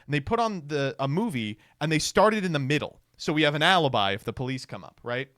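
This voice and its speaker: Animated young man telling a story. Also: fairly high pitch, fairly quick, no echo, studio quality. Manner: animated, sarcastic, jumps into quoted voices, laughs often. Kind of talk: casual storytelling on stream.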